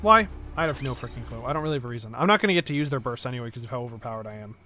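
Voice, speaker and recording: A man's voice: medium pitch, lively intonation, racing, sharp tone, a little hiss or hum. A man streaming a game, chatting casually in a rambling, self-deprecating way. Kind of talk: casual gameplay commentary.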